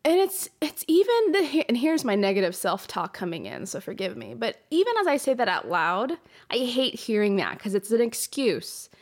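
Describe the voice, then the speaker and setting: A woman hosts a solo podcast into a podcast microphone, speaking frankly and emotionally, swearing freely and getting worked up. Her voice runs on the high side with big pitch swings, at a moderate pace.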